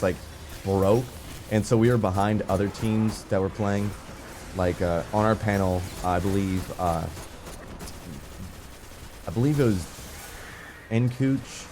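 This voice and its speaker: A young man giving casual, rambling commentary over his gameplay footage, full of fillers and excited asides. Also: fairly low pitch, slight background noise. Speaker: gaming video creator.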